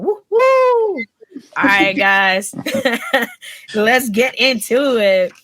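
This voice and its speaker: A woman's voice: a little high, sing-song, drawn-out words, fairly bright tone, no room sound, clean studio sound. A young adult woman hosting a casual live podcast, upbeat and teasing, laughing often. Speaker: podcast host.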